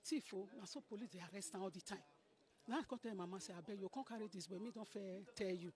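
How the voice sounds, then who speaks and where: A woman's voice: medium pitch, fast, darkish tone. A middle-aged woman with a Nigerian Pidgin English accent, giving an emotional account to a reporter, often calling her listener "my sister". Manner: pleading, repeats phrases, addresses listener as sister. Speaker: interviewee, landlady caretaker.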